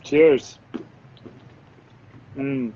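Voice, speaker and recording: A man's voice: mid-range voice, fairly even intonation, very slow, dark tone. A man hosting a live chocolate tasting on a video call, greeting viewers and reading out their comments. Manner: reads out viewers' comments, friendly and encouraging. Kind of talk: casual live-stream chat. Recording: dull lo-fi live-stream audio.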